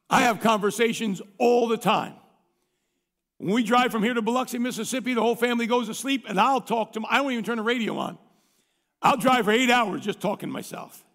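A male pastor preaches in a folksy, conversational way, pausing now and then to clear his throat as he reads a story aloud. His voice sits high and has a gravelly, fry-tinged edge. The sound carries a long reverb, as in a large hall. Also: fairly bright tone. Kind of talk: sermon with read-aloud story.

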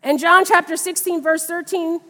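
A high-pitched woman delivers a sermon in a church sanctuary, her voice ringing with a long hall reverb. She speaks in a conversational way, weaving a personal testimony into her teaching. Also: moderate pace. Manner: conversational, animated in retold dialogue. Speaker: preacher.

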